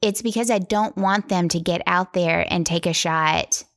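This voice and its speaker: A woman's voice: fairly low pitch, normal speed, fairly bright tone. A middle-aged woman talking in a casual conversation, earnest and thoughtful, explaining things in long run-on sentences.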